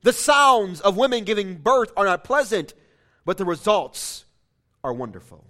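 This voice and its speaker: A male pastor reads a story aloud during his sermon with impassioned emphasis. His voice sits high and swings widely, rising and falling with feeling. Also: very animated, a little slow, pushed and bright.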